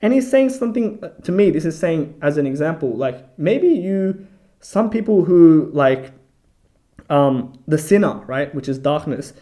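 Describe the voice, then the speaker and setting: Mellow, rambling man musing on scripture. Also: a little high, expressive, unhurried. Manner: rambling and thinking aloud, heavy on "you know" and "like"; unsure and self-correcting. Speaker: video host reviewing a book of scripture. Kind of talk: casual Bible study, reading verses aloud then commenting.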